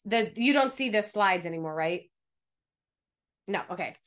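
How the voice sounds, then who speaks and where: A woman speaking coach teaching an online workshop over a video call, energetic and encouraging, speaking straight to her listeners. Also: medium pitch.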